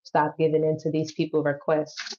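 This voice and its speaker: This tarot reader speaks in a low voice with a completely flat delivery at a moderate pace, reading casually to camera while swearing and laughing readily. Her audio is dull and lo-fi, with a noisy background.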